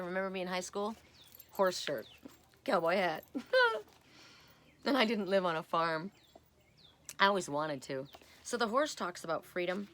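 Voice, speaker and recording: Low-voiced woman reading oracle cards. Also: a bit bright, a little hiss or hum. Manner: chatty and rambling, often ends with "right?"; breaks off for personal asides. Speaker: oracle card reader. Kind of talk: casual spiritual card reading.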